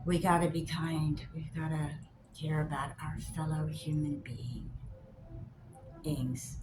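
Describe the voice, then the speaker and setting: An older woman chatting to camera as a vlogger, telling stories in an animated way and acting out both sides of her phone calls. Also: low-pitched. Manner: animated storyteller, acts out both sides of calls, gets loud when riled. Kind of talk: casual chat to camera. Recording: echoey room with faint hiss.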